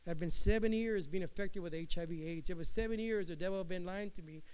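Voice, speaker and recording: A man preaches with an impassioned, rhythmic cadence, repeating phrases for emphasis. His voice is high for a man, smooth and resonant, and it swings between hushed passages and loud ones. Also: quick pace, poor audio. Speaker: preacher giving testimony. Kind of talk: sermon.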